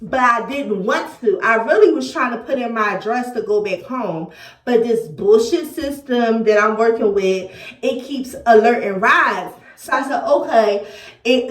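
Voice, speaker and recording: A woman from Philadelphia telling a storytime vlog in an animated, profane way, acting out quoted dialogue. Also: fairly high pitch, far from the mic. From Philadelphia, USA. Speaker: vlogger. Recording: echoey room, voice a bit off-mic.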